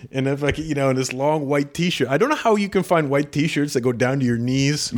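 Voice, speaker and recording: A man's voice: on the high side, a little fast. Profane storytelling comic, man. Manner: profane animated storytelling, laughing often. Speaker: stand-up comic guest. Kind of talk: podcast storytelling.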